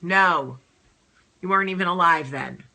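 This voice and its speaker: Woman host, casual vlog: low, bright and forceful, emphatic and sassy. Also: unhurried, vocal fry. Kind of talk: casual advice vlog talk.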